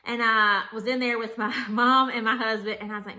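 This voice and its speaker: A young woman in her late twenties telling a personal story to camera in a chatty, candid, animated way, laughing often. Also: on the high side, a little fast. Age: young adult. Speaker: vlogger.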